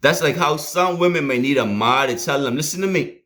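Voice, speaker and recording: A man preaches a sermon fairly quickly in a plain street voice, swinging between loud, emphatic points and low, hushed asides.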